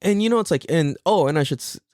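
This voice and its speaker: A man's voice: on the high side, animated, fast talker, darkish tone, no room sound, studio quality. A man hosting a podcast alone, talking casually in a rambling, profane, self-deprecating way. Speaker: podcast host. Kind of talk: casual solo podcast monologue.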